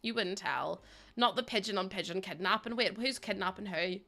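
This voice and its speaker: A woman's voice: medium pitch, normal speed, pushed and bright. A woman streaming a game, chatting with viewers in a rambling, laughing way. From Ireland. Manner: rambling, chatty, laughs often, talks to chat. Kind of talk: casual livestream chat while playing.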